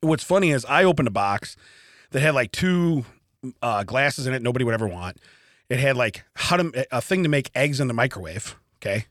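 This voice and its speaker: A man's voice: mid-range voice, lively intonation, brisk, a bit bright, dry recording, clean studio sound. A man co-hosting a podcast, telling a story in casual chat, acting out quotes and laughing often. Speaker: podcast co-host. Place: podcast studio.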